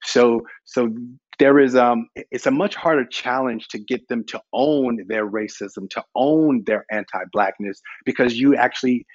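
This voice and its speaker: A man's voice: mid-range voice, measured pace, no echo, highs cut off. Candid man from the American South. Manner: candid, emphatic, conversational with frequent "you know". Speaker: panel guest. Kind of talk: conversational panel discussion.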